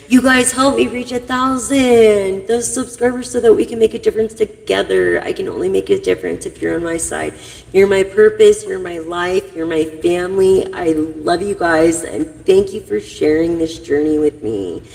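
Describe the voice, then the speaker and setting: A woman's voice: low-pitched, creaky, long reverb tail, poor audio. A woman doing a casual tarot reading for her viewers, giving blunt, profane, rambling advice. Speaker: intuitive tarot reader.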